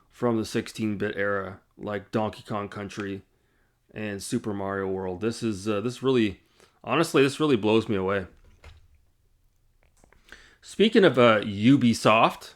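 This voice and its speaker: A man hosting his own gaming channel, talking on camera in a casual, rambling, blunt way, swearing and laughing at himself. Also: medium pitch. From Canada. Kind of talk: casual vlog chat. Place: indoors, side-lit room.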